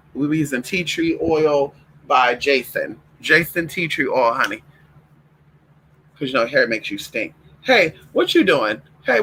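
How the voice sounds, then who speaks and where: A man's voice: fairly high pitch, sharp tone, low-quality recording. A man chatting casually to his viewers in a sassy, campy, profane way, calling them girl and honey and breaking off to fuss at his dogs. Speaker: vlogger. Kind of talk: casual livestream chat.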